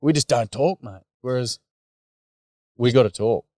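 A man's voice: medium pitch, measured pace, a little mellow, no room sound, studio quality. A man with an Australian accent, a workshop facilitator, speaking frankly and casually in an interview, acting out quotes as he tells stories. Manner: blokey, frank, storytelling with acted quotes.

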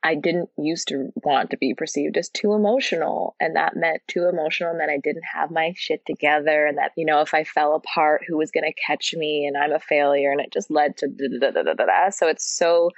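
A calm, frank woman yoga teacher speaks as a podcast guest, with a low, gravelly, husky voice. The sound is dry and a little dull, recorded in a studio. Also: brisk, hardly any pauses, dry recording. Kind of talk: casual interview chat.

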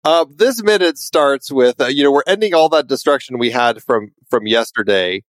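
A man's voice: medium pitch, no room sound. A man hosting a casual movie podcast, chatting and laughing easily with his co-hosts. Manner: laughs easily, mimics a gruff movie voice in jest. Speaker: podcast host.

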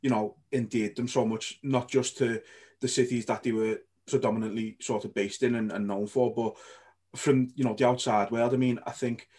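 A man's voice: on the low side, darkish tone. A man co-hosting a podcast, speaking in a hesitant, casual way with many restarts. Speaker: podcast co-host. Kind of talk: casual chat.

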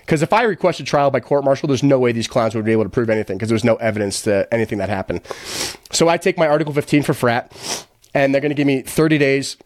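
A man's voice: mid-range voice, fast talker, no room sound, clean studio sound. A man from the United States, a podcast guest, telling his story bluntly with swearing and quoting the people involved. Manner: retells events by quoting others. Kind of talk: casual storytelling interview.

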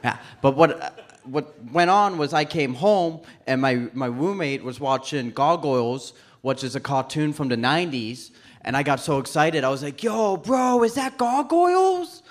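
A man's voice: medium pitch, moderate pace. A man in his twenties doing stand-up on a live stage, talking with a speech impediment that blurs some sounds and laughing at himself between lines. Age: 20s. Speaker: stand-up comedian. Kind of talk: stand-up comedy set.

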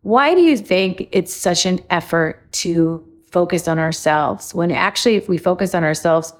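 A woman's voice: fairly low pitch, moderate pace. A woman hosting an interview, asking questions and repeating the guest's words back to prompt him. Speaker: interview host.

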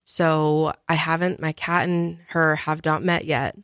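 A woman chatting on a podcast, relaxed and rambling, with lots of fillers. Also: low voice, measured pace, smooth, no room sound, clean studio sound. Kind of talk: casual podcast chat.

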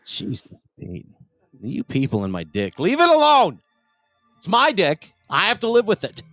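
A man hosting a podcast, loud and laughing, swearing often with mock exasperation. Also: high voice, huge pitch swings, moderate pace, no echo, soft background music. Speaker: podcast host. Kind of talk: crude casual banter.

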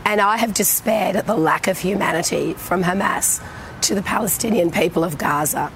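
An Australian woman politician on a live TV panel, with a croaky voice and a measured, earnest manner. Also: lowish voice, fairly bright tone, slight background noise. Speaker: politician guest.

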